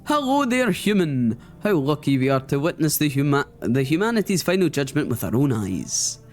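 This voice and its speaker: A man's voice: fairly high pitch, sing-song, normal speed. A man voicing a preachy male cultist who sermonizes about the sun in a video game, swearing as he goes. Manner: grandiose, sermonizing, swears mid-speech.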